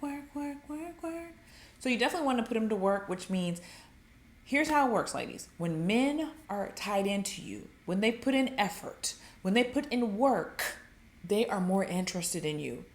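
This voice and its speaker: A woman giving dating advice in a casual, animated monologue. She acts out quotes in a high, excited voice, fills her talk with "like" and laughs at her own points. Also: echoey room.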